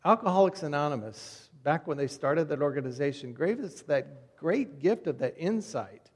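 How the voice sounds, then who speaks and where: A man preaching a sermon as pastor, telling stories conversationally, with his voice dropping soft at the ends of phrases. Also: a little high, lively intonation, moderate pace, husky. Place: church sanctuary. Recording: long reverb of a church hall.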